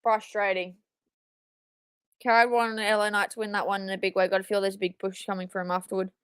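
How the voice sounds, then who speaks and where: A young woman hosting a live watchalong, reacting excitedly, swearing and yelling at the screen, then repeating her frustration. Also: medium pitch, fast talker, clear, resonant tone, dry recording. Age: young adult. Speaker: watchalong streamer.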